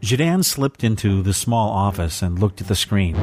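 A man narrating a fan fiction story in a measured, even way. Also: lowish voice, over loud music. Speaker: story reader.

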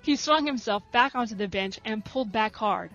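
A woman reading a story aloud in a soft, steady narration. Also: a little high, normal speed, muffled recording, soft background music. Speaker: reader.

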